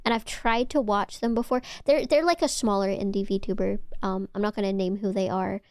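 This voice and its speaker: A woman's voice: medium pitch, fairly even intonation, fairly quick, a little mellow, no room sound, studio quality. A woman streamer chatting casually with her viewers, gushing and often stumbling over her words. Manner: chatty, stammering restarts, gushing. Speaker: VTuber streamer. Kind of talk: casual chat with live chat.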